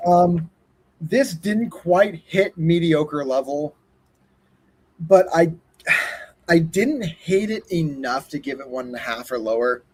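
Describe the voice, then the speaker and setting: A man co-hosting a casual horror movie review, talking in halting restarts with wry humor. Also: a little high, animated, slightly rough. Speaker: podcast co-host.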